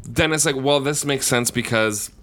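A man co-hosting a casual horror movie podcast, excitable, swearing freely and restarting his sentences often. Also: medium pitch, normal speed, slight background noise. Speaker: podcast co-host.

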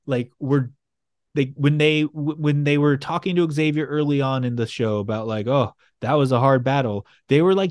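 A man's voice: a little high, a little mellow, no room sound, clean studio sound. A man co-hosting a casual chat, recapping a cartoon episode with blunt, swearing, rambling asides. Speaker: podcast co-host.

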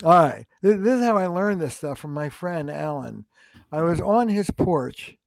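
This older relationship counselor is an animated storyteller who acts out quoted dialogue while discussing advice in a casual podcast interview. His voice is a little high and creaky, at a moderate pace, on a dry recording.

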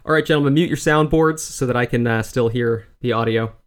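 A man hosting a casual podcast, brisk and profane, steering his co-hosts along. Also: medium pitch. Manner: brisk, profane and directing the others. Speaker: podcast host. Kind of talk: casual chat.

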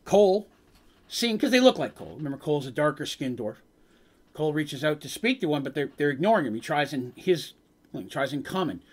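A man's voice: on the high side, sing-song, a little fast, slightly rough. A man acting as game master, retelling a tabletop game session in dramatic narration with casual asides.

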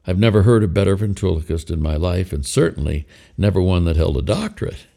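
Deep gravelly older man narrating. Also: expressive, brisk, mellow. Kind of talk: memoir narration.

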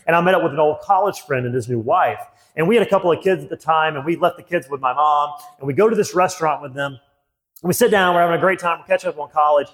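A middle-aged man preaching a sermon as a pastor, earnest and emphatic, repeating key phrases. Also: a little high. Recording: long hall reverb.

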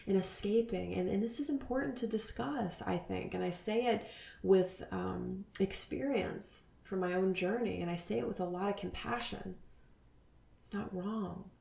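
A woman in her thirties hosting a spiritual podcast, talking earnestly and dropping into soft whispers. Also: medium pitch, moderate pace, creaky, roomy sound. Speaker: podcast host.

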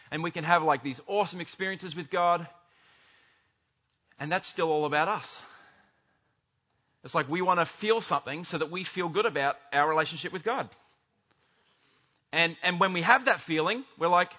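A pastor preaches with a bright, forceful, fairly high voice. He is animated and jumps into quoted lines as he goes, and the recording sounds a bit dull and lo-fi. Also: moderate pace, pauses often. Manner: animated, acts out quoted speech. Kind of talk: sermon.

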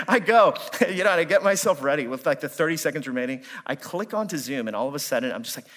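A man, preaching a sermon and telling stories with lively swings in voice as he acts out his own replies. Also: on the high side, brisk. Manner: animated storytelling, acting out his own angry replies. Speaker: pastor.

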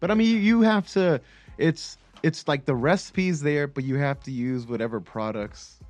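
A man chatting on a podcast in a relaxed, halting way, often laughing. He is recorded dry and close, with faint music in the background. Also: on the high side, dry recording. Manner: easygoing, hesitant, laughs often. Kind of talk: casual chat.

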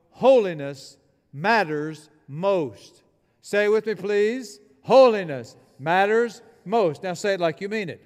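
High-voiced emphatic preacher in an echoing hall. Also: male voice, a little mellow, clean tone. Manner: emphatic preaching with call-and-response. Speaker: pastor. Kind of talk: sermon. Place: church building.

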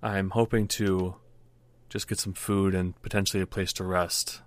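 Towering calm male cleric, deep, solemn and soothing, voiced by a man. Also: normal speed, no room sound, close to an everyday voice. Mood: serene. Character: tall, calm, fatherly human male cleric.

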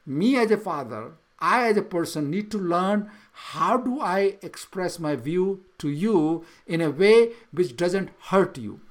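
A middle-aged man with a fairly high voice talks things through with his son. He speaks haltingly, restarting his sentences and filling pauses with "uh" and "um" as he searches for his words. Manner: halting, many restarts and fillers. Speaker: father, podcast co-host. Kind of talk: casual conversation with his son.

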